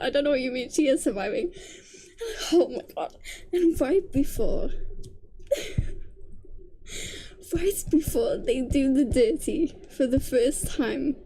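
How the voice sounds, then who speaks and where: A young woman vlogger ranting casually to camera, animated and exasperated, often breaking into laughter. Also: sits high, a little hiss or hum. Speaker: book vlogger.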